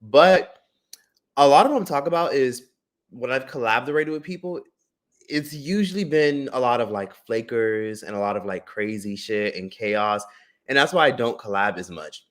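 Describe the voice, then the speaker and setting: Man, streamer, mid pitch, casual storytime, animated, swears a lot, lots of "like" fillers. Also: moderate pace. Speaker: streamer and drama commentator.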